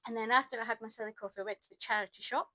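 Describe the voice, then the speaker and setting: A middle-aged woman, talking casually to camera in a rambling, chatty way with lots of ums and restarts, a little low on energy. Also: steady tone, very fast, pushed and bright, dry recording, rough recording. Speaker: crafting vlogger. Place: at home by an ironing board.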